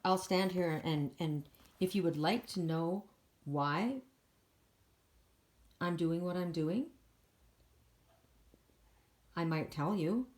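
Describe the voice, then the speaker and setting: A woman's voice: fairly low pitch, takes it slowly, pauses often, a little mellow. Woman speaking as a defiant dragon-riding warrior woman. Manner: defiant, scoffing, self-assured.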